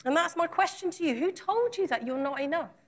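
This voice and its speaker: A woman's voice: very high-pitched, lively intonation, a little fast. A woman preaching a sermon, retelling scripture in a conversational way and putting earnest, repeated questions to her congregation.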